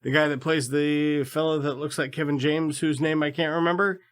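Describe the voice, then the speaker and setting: A man's voice: on the high side, fairly even intonation, moderate pace, clear, resonant tone. Joking, foul-mouthed male podcast host. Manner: profane, joking banter. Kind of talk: casual chat.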